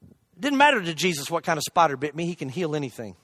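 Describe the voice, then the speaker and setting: A man preaching a humorous sermon, telling a story in an animated, jokey way with loud shouted asides. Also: fairly high pitch, quick pace, no echo.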